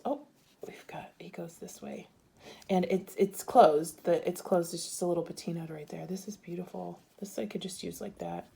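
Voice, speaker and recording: Lady unboxing stuff, giggly and gushy, kinda low mellow voice. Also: vocal fry. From Arizona. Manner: gushing, giggly, talks to viewers. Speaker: bead crafting vlogger. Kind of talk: casual unboxing chat.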